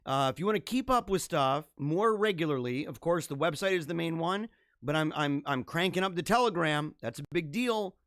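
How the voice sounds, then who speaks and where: Energetic slightly hoarse male host, higher-pitched. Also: moderate pace, no room sound, clean studio sound. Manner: energetic, rambling and chatty. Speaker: podcast host. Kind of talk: casual livestream sign-off.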